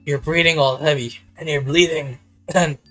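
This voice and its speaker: A man voicing a young woman heroine, anxious and self-doubting, in a pleading, raised voice with a husky edge. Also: on the high side, fairly even intonation, moderate pace, a bit bright, faint music behind, voice pushed up, natural voice, rough recording. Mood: distraught.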